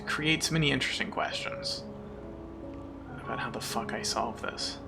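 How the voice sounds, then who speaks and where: A man's voice: medium pitch, normal speed, vocal fry. A man streaming a puzzle game in casual chat, frustrated and self-mocking, who swears often and thanks viewers as he plays. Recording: game stream with music behind.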